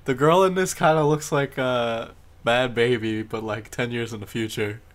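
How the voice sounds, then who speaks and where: A man's voice: medium pitch, steady tone, normal speed, background noise. Dry-humored young man co-hosting. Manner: dry, wry, reads titles aloud. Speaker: podcast co-host. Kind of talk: casual chat.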